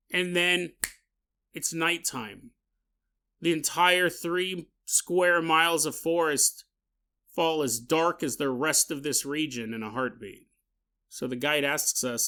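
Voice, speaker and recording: Bright-voiced joking podcast host. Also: male voice, on the high side, slow, clear, resonant tone. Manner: joking, animated, laughing asides. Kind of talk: comedic storytelling.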